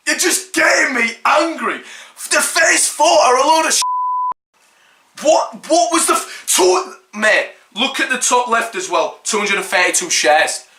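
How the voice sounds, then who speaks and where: Young Hull man, sarcastic ranting reaction vlogger, swears a lot; high, bright voice in an echoey room. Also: expressive, unhurried, a little hiss or hum. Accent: Hull, East Yorkshire. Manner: exasperated, sarcastic, swears a lot, mocks with put-on quotes.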